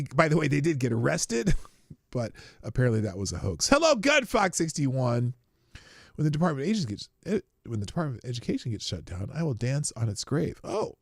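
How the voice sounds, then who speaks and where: Animated, gravelly-voiced male livestream host. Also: mid-range voice, dry recording, clean studio sound. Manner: sarcastic, exasperated, reads viewer comments aloud. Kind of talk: casual commentary livestream.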